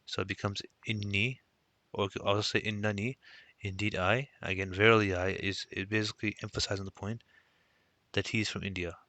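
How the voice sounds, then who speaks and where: A man's voice: on the low side, steady tone, brisk, sharp tone, no room sound. A man teaching a recorded language lesson, explaining step by step and mixing Arabic phrases into his English.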